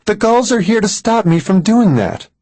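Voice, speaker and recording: A man voicing a frightened clairvoyant woman who speaks high and strained, pleading in an audiobook. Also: big pitch swings, normal speed, darkish tone, no room sound. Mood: frantic.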